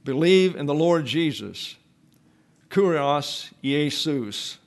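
A man preaching an expository sermon, teaching slowly and deliberately and repeating key phrases for emphasis. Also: fairly high pitch, lively intonation.

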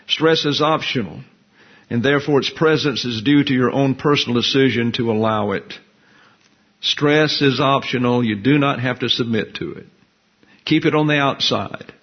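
A man preaching a Bible teaching sermon in a measured, emphatic teaching manner. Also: mid-range voice, breathy edge, highs cut off. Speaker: pastor.

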